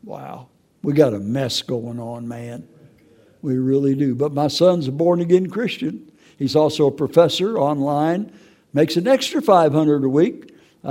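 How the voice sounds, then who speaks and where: An older man speaks in a gravelly, rough-edged voice, pitched a little high for a man. He tells his testimony with raw emotion and often stumbles over repeated words as he goes. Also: warm tone. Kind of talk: personal testimony.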